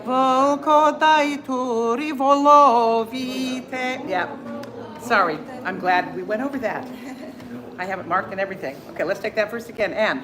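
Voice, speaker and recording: A woman teaching a group singing class, singing lines and then coaching in quick, chatty, self-deprecating asides. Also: medium pitch, a crowd in the background.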